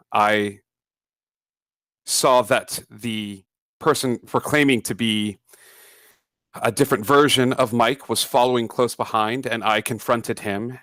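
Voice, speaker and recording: A man voicing a shy, tearful office boss who stumbles through a confession at a slow pace. His words come out haltingly, full of stammers, in a dry, close sound. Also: mid-range voice, fairly bright tone, dry recording. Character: emotional middle-aged male boss, shy and tearful.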